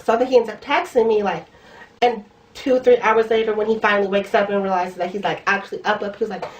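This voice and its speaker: A woman's voice: medium pitch, steady tone, fast talker. A young woman vlogger telling a blunt, profane story in casual slang, recorded in her room. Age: young adult. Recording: voice a bit far from the mic.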